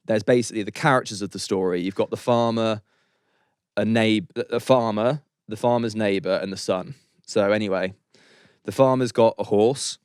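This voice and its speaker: A man's voice: on the low side, normal speed, darkish tone, smooth, dry recording, clean studio sound. An English man in his thirties, a podcast guest who is losing his voice, telling a story in a rambling, chatty way full of "like" and "um". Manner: rambling, chatty, says "like" and "um" often. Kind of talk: casual storytelling.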